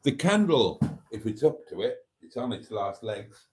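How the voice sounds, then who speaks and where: A man with a lowish voice chats through his nightly livestream at an unhurried, drawn-out pace. He speaks gently and affectionately, often letting his sentences fade off quietly. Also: sing-song, background noise. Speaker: channel host. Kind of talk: casual nightly livestream chat.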